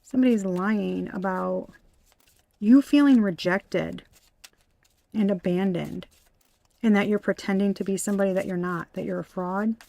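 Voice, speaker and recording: A young woman doing a tarot reading in a fast, exclamatory way, gasping and swearing now and then. Her voice sits in an ordinary middle register. It is recorded close and dry, with no room sound. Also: medium pitch, gravelly, no room sound. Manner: excitable, exclamatory, swearing, frequent gasps. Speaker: tarot reader.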